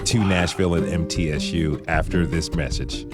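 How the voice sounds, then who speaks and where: A man hosting a public radio interview, reading his transitions in a measured, scripted way. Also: extremely low pitch, over loud music. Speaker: radio host.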